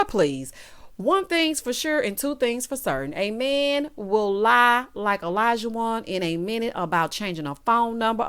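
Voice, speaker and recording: A woman recapping a reality show, talking with sass straight to its cast and acting out their lines. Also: on the high side. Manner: sassy, talks straight to the people on the show; acts out each person's quoted lines. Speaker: recap vlogger.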